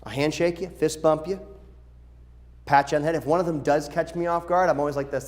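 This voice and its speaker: A middle-aged man, a pastor, uses a fairly high voice and a fairly quick pace to give practical instructions to his church's children's workers in a church sanctuary. Lively and animated, he often performs the voices of the people he quotes.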